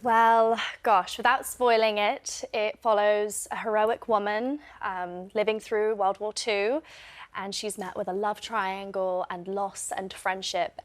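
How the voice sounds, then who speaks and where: A young adult woman chatting as a guest on a TV studio sofa, earnest and reflective, with halting pauses. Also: medium pitch, little pitch movement. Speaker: guest author. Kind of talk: casual interview chat.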